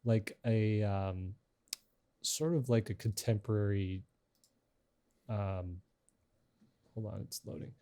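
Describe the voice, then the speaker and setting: A man's voice: fairly low pitch, takes it slowly, long pauses, mellow. A middle-aged man hosting a casual podcast chat, talking in a rambling, hesitant way with many restarts. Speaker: podcast host.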